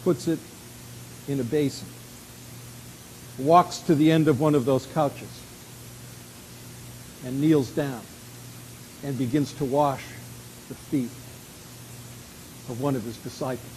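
A man preaching an expository sermon in an emphatic way, with dramatic swings between soft and loud. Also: medium pitch, steady tone, slow, long pauses, a little hiss or hum, poor audio.

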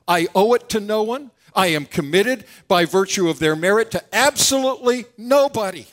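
A man's voice: high-pitched, lively intonation, moderate pace, few pauses, a bit bright. A man preaching an expository sermon, explaining scripture and voicing quoted lines with rising intensity.

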